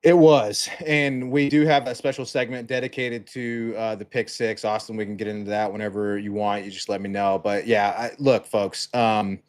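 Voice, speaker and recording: A man's voice: lowish voice, level tone, normal speed, few pauses. A young man co-hosting a casual sports podcast, laid-back with lots of fillers as he reads out viewer comments. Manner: laid-back, lots of ums and uhs, reading out chat. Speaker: co-host.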